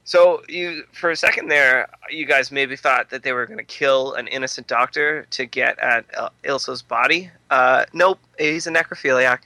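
A young man with a very bright, ringing voice, joking through a movie discussion on a podcast. He riffs with crude humor and breaks into laughter often. The sound is close and dry. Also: medium pitch, normal speed, vocal fry, few pauses, dry recording. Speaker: podcast co-host. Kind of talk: casual movie commentary podcast.

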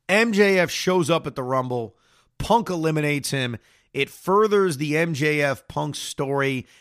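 A man's voice: on the high side, a bit bright, no echo, studio quality. A man hosting a solo podcast, giving chatty, opinionated commentary. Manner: opinionated, chatty, quotes others animatedly. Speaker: podcast host.

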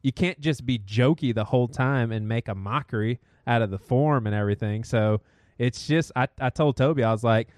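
A man's voice: mid-range voice, a little fast, a little mellow, dry recording. Podcast guy keeping the chat on track, mid voice, dry close sound. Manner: keeps steering talk back to his checklist. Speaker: podcast co-host. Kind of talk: casual chat.

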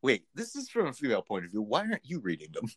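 A man's voice: mid-range voice, wildly swooping pitch, rapid-fire, breathy edge, dry recording. A man co-hosting a casual podcast chat, full of dry, sarcastic asides. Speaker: podcast co-host.

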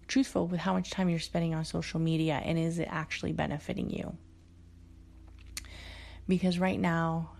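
Woman with gravelly fry giving advice. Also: fairly low pitch, darkish tone. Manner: candid, frequent fillers and restarts. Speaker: host. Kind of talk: casual advice talk.

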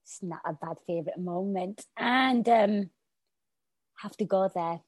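Woman co-host, chatty storyteller, mid pitch, very dry close recording. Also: unhurried, no echo. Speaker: podcast co-host. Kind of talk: casual football chat.

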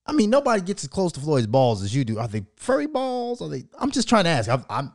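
A man from Minnesota hosts his own show, riffing in a loose, profane, mocking rant. His pitch sits a touch high and leaps around a lot as he gets worked up. He laughs often between jabs. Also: very animated, a little fast, no echo, studio quality. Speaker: show host. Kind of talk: casual solo rant.

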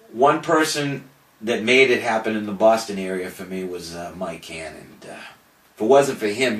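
An older man, a podcast host, telling a boastful story in a brash, animated way. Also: on the low side. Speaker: podcast host saying farewell. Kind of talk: casual storytelling monologue. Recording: roomy, distant, faint noise.

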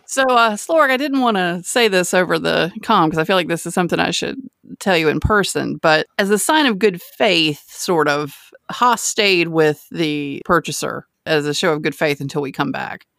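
A woman's voice: fairly low pitch, normal speed, gravelly, a bit bright, no echo, studio quality. A woman playing a character in a tabletop game, casual and giggly. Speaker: player.

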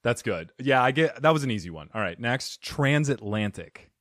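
A man hosting a comedy podcast, setting up bits and tossing in quick jokes during casual chat. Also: medium pitch, animated, a bit bright, dry recording, studio quality. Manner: sets up bits, plays along with quick jokes. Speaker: podcast host.

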